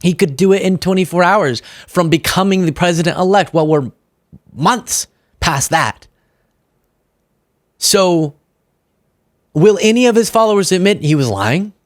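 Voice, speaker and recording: A man's voice: sits high, a little slow, pauses often, no room sound, studio quality. A young man hosting a political commentary show, talking in a sarcastic, mocking monologue. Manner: sarcastic, animated, mocks opponents in put-on voices.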